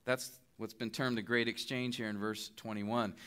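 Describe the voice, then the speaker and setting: Bright-voiced earnest middle-aged man preaching. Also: fairly low pitch, flat delivery, normal speed, smooth. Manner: earnest, pleading appeals with rising emphasis. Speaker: guest preacher. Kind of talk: sermon.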